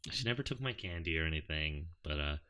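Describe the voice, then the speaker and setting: A young man with a low voice chats easily on a podcast and laughs often. His pitch swings widely as he talks. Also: fast, smooth. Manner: laughs often, easygoing, lively intonation. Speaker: podcast co-host. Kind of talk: casual chat.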